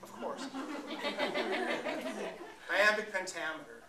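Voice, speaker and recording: A man giving an energetic, joking live talk about poetry to an audience at a venue. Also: high voice, slow pace, background noise. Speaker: poet performer. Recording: echoey room, mic far off.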